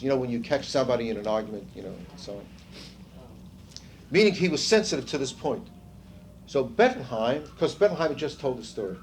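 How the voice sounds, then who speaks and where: A man's voice: fairly high pitch, a little mellow, slight background noise. Older man leading a conversational seminar. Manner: storytelling, quizzes the group; asides, frequent "you see". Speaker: seminar leader. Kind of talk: conversational lecture.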